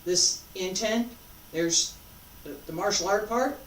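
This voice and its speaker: Woman teaching martial arts, slow calm cues, lots of questions, mic kinda far off. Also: mid-range voice, slight background noise. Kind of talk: teaching while demonstrating. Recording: echoey room, voice from a distance.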